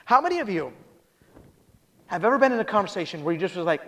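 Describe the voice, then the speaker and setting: A man preaching a sermon, telling stories with lively acted-out quotes. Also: high-pitched, fast. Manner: animated storytelling, acts out quotes in character voices. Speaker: pastor. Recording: long hall reverb.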